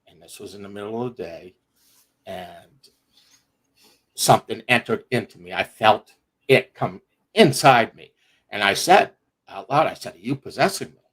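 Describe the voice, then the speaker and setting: A middle-aged man telling a personal story on a livestream, animated and profane, laughing as he goes. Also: fairly low pitch, measured pace, long pauses. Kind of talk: casual storytelling.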